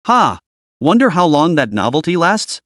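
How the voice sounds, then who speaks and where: A man's voice: fairly high pitch, very animated, moderate pace, fairly bright tone, no room sound, clean studio sound. A man voicing a jealous, sneering young male student who taunts his rivals in a storybook recap. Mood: taunting. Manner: mocking, taunting.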